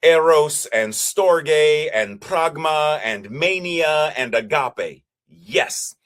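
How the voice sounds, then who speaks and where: A man preaching as a minister, with a measured, repetitive cadence. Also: a little high, lively intonation, a bit bright. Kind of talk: sermon.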